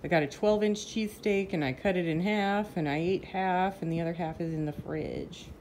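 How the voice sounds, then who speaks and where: A woman's voice: lowish voice, normal speed, darkish tone, a little hiss or hum. A woman casually chatting to the camera at home, telling stories and now and then breaking off to scold her dogs. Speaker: vlogger. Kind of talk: casual chat. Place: home with pets.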